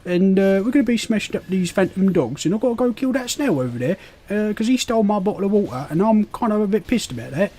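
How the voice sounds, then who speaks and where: A cheeky Cockney bloke, put on by a British streamer, rattles along with a high, brash lilt. He hams it up with a chirpy swagger. The tone stays mellow and dark underneath. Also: expressive, quick pace, hardly any pauses. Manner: hammed-up, loud and chirpy.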